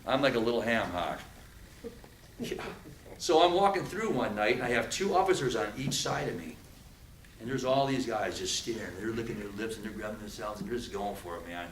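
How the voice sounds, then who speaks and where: A man giving an animated talk to a live audience, telling prison stories and acting out threats. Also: fairly low pitch, brisk, roomy sound, distant mic, slight background noise, low-quality recording. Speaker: speaker. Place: event room with audience.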